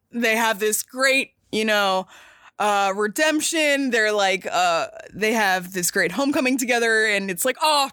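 A young woman casually recapping a movie she loves, talking in an animated, slangy way with lots of laughs and fillers. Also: fairly high pitch, no echo, clean studio sound. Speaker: movie fan recapping a film. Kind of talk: casual storytelling chat.

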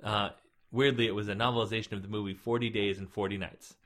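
A man's voice: fairly low pitch, flat delivery, fast. A man co-hosting a podcast, chatting casually and rambling with fillers and restarts. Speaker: podcast co-host. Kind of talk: casual chat.

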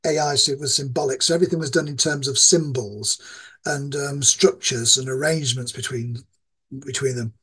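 A man from Yorkshire with a Yorkshire accent, a professor talking as a guest, pausing often with ums. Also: mid-range voice, fairly even intonation, fairly bright tone, slightly rough, low-quality recording. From Yorkshire, England. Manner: thoughtful, many ums and restarts. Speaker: guest, game design professor. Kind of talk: casual interview chat.

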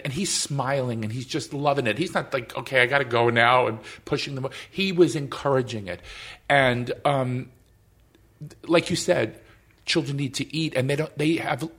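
A man's voice: mid-range voice, fairly bright tone, breathy edge. A man hosting a podcast interview, talking in an effusive, emotional way and often repeating himself. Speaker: podcast host. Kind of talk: casual interview chat.

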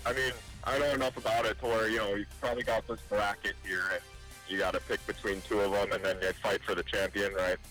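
Male guest on the phone, low voice, easygoing, faint music behind. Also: level tone, quick pace, bright, forceful tone, poor audio. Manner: easygoing, short answers. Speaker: podcast guest. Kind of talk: casual chat over the phone. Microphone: phone line.

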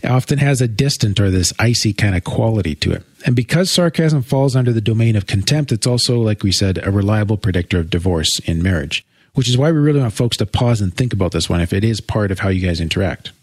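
A man's voice: on the low side, animated, quick pace, slightly rough, no room sound. A man co-hosting a podcast, explaining earnestly in casual chat with wry jokes. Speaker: podcast co-host.

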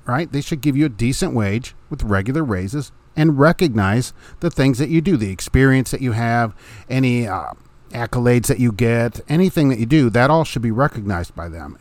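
A man's voice: medium pitch, no room sound. A middle-aged man, a truck driver hosting his own podcast, talking in a casual, blunt and opinionated way and laughing between points. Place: home room.

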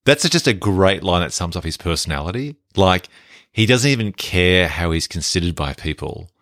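A man's voice: low-pitched, normal speed, no echo, studio quality. A man co-hosting a casual podcast chat about films and handing out mock awards. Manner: relaxed, conversational, hands out mock awards. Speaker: podcast co-host. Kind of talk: casual film-review chat.

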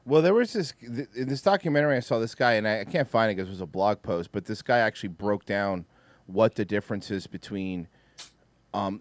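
A man in casual chat who gets animated, swears and acts out cartoon lines. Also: on the low side, dry recording.

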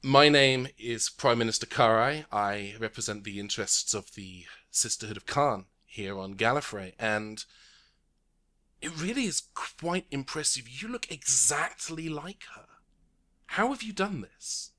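A man voicing a gracious, shrewd woman prime minister of an alien council in a tabletop game, speaking softly and courteously. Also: on the low side, moderate pace, few pauses.

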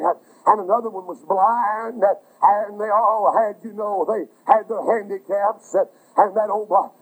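A man preaching a fervent sermon, crying out at times and filling pauses with "uh". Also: high voice, slightly rough, low-quality recording. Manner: fervent, breaks into cries, many "uh" fillers.

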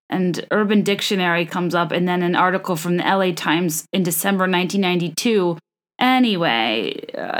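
Young woman from the American South, solo podcast host, rambling and self-deprecating, slightly low. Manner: chatty, self-deprecating, rambling with restarts and laughs. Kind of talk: casual solo podcast monologue.

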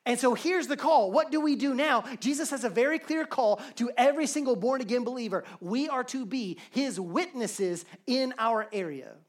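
A man's voice: very high-pitched, moderate pace, few pauses. A man preaching a sermon as pastor to a live congregation, earnest and building his points through repetition. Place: church sanctuary, live service.

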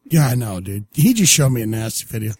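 A man co-hosting a rock and horror podcast, talking in an excitable, crude, joking way and often stammering and restarting. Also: medium pitch, brisk. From Utah. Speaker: podcast co-host. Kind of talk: casual chat.

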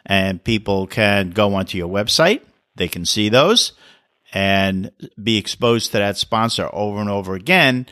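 A man's voice: on the low side, expressive, unhurried, bright, forceful tone, dry recording, studio quality. A middle-aged man with a New York City accent, hosting a podcast interview in a chatty way, often repeating phrases. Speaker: podcast host. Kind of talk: casual interview talk.

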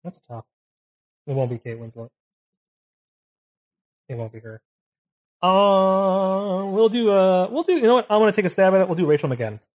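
Easygoing young man chatting halting. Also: high-pitched, lively intonation. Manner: easygoing, halting, self-correcting. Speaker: podcast co-host. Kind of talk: casual chat.

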